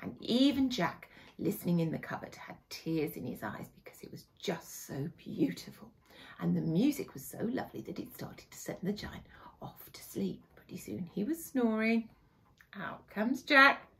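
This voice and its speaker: Expressive woman telling a children's story. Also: medium pitch, normal speed, creaky, in a whisper. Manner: expressive, dramatic, hushed asides.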